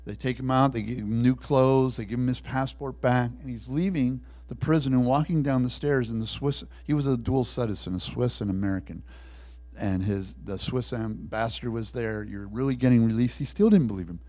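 A man preaching a sermon, telling a story and acting out the voices in it, swinging between loud bursts and hushed lines. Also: mid-range voice, moderate pace.

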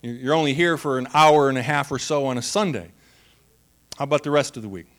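A man's voice: mid-range voice, fairly quick, a bit bright. A man preaching a conversational sermon, humorous and laughing often as he retells the story. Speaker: pastor.

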